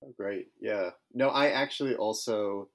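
Male podcast host, low voice, hesitant and thoughtful delivery. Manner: halting, frequent restarts and hesitations. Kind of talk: casual podcast conversation.

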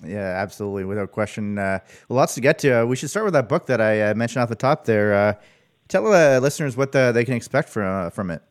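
A man's voice: fairly low pitch, expressive, fast. A man with a Canadian accent hosting his podcast, upbeat and easygoing, laughing readily with his guest. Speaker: podcast host.

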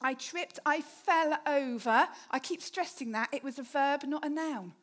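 A woman's voice: high-pitched, normal speed. A woman giving a chatty, humorous sermon, often putting questions to the congregation. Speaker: preacher.

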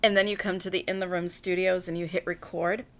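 A woman hosting a podcast in a casual monologue, brash and profane, talking quickly and joking with frequent laughs. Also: fairly low pitch, flat delivery, fairly bright tone. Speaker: podcast host.

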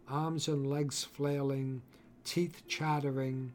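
A man narrating a literary novel in a measured, deliberate way. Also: mid-range voice, steady tone, darkish tone, soft background music. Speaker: audiobook narrator.

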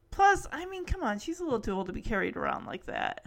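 A young woman giving a chatty, animated recap with quick asides. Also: high-pitched, gravelly. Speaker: host recapping a sitcom. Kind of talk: casual commentary.

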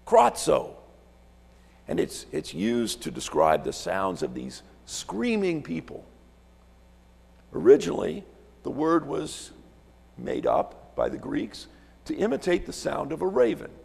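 A man's voice: a little high, huge pitch swings, slow pace, gravelly, long pauses, darkish tone, slightly rough, big-room sound. A man preaching a sermon as a visiting pastor from Alaska, telling stories, repeating words and asking rhetorical questions in a church sanctuary.

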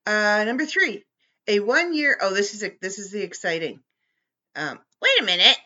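A woman hosting her own podcast in casual chat, animated and playfully bickering with someone off-mic. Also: mid-range voice, normal speed, lo-fi sound. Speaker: podcast host.

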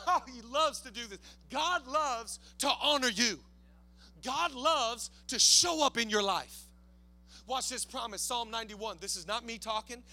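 A man preaching a sermon to a church congregation, moving from quiet, casual asides to loud, energetic climaxes and acting out biblical characters in slang. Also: very high voice, a little slow. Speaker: pastor. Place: church sanctuary.

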